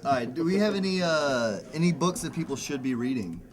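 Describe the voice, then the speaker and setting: A man's voice: a little high, expressive, a little fast. A man hosting a loose, casual podcast chat in a comic shop, swearing and steering the talk. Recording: crowd chatter behind.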